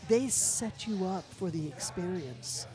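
A woman co-hosting a casual chat, playful and quick with asides and jokes. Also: lowish voice, animated, warm tone, faint music behind. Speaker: podcast co-host.

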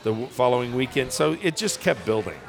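A man's voice: mid-range voice, animated, brisk, creaky. A man co-hosting a casual comedy podcast, reading out a news story and joking along the way with lots of fillers.

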